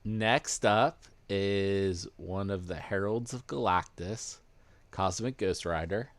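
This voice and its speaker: A man's voice: fairly low pitch, slow pace, no echo. A man hosting a podcast, running through news in casual chat, explaining things hesitantly with plenty of fillers. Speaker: podcast host presenting news.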